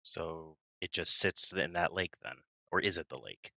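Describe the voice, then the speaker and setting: A man's voice: low voice, animated, moderate pace, vocal fry, sharp tone, dry recording. A man playing a tabletop role-playing game, curious and asking lots of questions. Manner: curious, asks many questions. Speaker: player.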